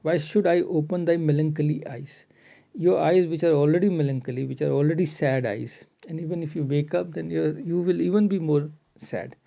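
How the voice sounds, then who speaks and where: A man's voice: fairly high pitch, steady tone, brisk, gravelly, dark tone. A man teaching a poem, reading each verse line and then paraphrasing it in simple words. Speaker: literature teacher. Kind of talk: line-by-line poetry explanation. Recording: dull lo-fi recording.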